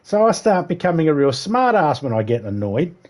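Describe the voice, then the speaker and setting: Sweary Australian man with a mellow voice. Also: on the high side, big pitch swings, brisk. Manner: profane, sarcastic, rambling. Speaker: livestreamer. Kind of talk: casual storytelling chat.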